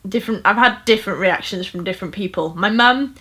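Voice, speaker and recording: A woman talks to her camera in a relaxed, personal storytime vlog. Her delivery is earnest and conversational, full of fillers and self-corrections as she works through her thoughts. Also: mid-range voice, fast, husky. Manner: earnest, chatty, with frequent fillers and restarts. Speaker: vlogger. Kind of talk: casual personal storytime talk.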